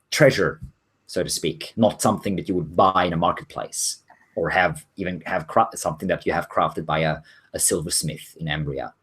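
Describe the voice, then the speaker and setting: Casting: low, husky male game master, relaxed and halting. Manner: casual, many ums and self-corrections. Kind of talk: narrating a tabletop game.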